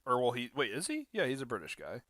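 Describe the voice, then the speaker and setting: A man's voice: mid-range voice, wildly swooping pitch, fast, a bit bright, no room sound. A young man co-hosting a movie podcast, chatting casually and laughing often as he retells scenes. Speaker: podcast co-host.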